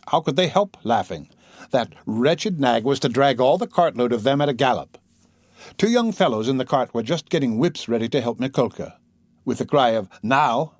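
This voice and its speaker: Guy narrating an audiobook, lots of pitch movement, mid voice. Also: dry recording, studio quality.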